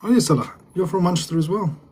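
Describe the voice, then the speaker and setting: A man's voice: sits high, expressive, fast, a little mellow, husky. A young man with a northern English accent, chatting casually on a live stream and answering viewers' comments. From England. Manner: chatty, loose, repeats himself while answering comments.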